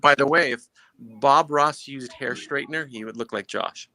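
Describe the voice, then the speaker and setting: A man's voice: medium pitch, normal speed, crowd noise. A man chatting on a podcast, teasing and rambling through jokes. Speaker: podcast guest. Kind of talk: casual chat.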